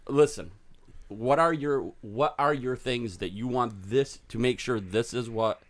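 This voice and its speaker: A man's voice: medium pitch, unhurried, fairly bright tone. A middle-aged man co-hosting a podcast, telling a story in a laid-back, chuckling way. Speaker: podcast co-host. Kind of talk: casual storytelling.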